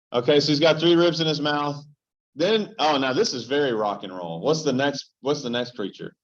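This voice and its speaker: A man teaching a Bible study as pastor, joking and animated as he tells stories and puts questions straight to the small group in front of him. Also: on the high side, normal speed. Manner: joking, animated storyteller who addresses the group directly. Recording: dull, lo-fi sound.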